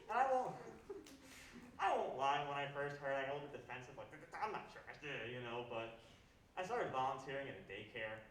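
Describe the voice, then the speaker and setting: A man's voice: mid-range voice, sing-song, a little fast, fairly bright tone. Dry young man doing stand-up. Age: young adult. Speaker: student stand-up comic. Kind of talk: open-mic stand-up set. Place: campus lecture hall. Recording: roomy hall, distant mic, faint noise. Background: audience laughter.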